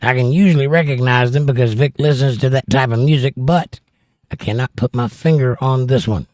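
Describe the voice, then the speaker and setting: A man's voice: mid-range voice, fairly quick, a little mellow, no echo, clean studio sound. A middle-aged man hosting a livestream, reading viewer comments aloud in casual chat with wry joking asides. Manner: wry, joking asides between read-outs. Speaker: livestream host.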